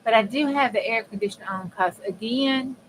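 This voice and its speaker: A woman's voice: a little high, brisk. A woman hosting a casual crafting livestream, chatting with viewers and laughing often. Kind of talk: casual chat while crafting. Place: home craft room with air conditioner running. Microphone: desk mic. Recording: faint room hum from fan.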